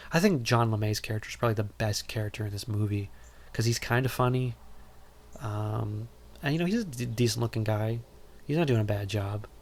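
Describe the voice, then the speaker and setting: A man's voice: fairly low pitch, fairly quick, a little mellow. A man hosting a podcast, recapping a film in a casual, rambling way with lots of ums and wry asides. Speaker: podcast host.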